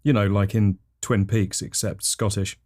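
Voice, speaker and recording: A man with a fairly low voice tells surreal comic stories on a podcast. His delivery is deadpan and rambling, and he plainly states ridiculous things as if they were facts. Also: unhurried. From England. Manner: rambling, matter-of-fact delivery with self-corrections. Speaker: comedy podcast host. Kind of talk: deadpan absurd storytelling.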